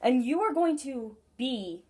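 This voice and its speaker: A woman's voice: high-pitched, lively intonation, measured pace, dark tone. Earnest woman with a pinched, brassy tone. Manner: earnest, encouraging, rambling with many asides. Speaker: tarot reader. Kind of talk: casual spoken tarot reading.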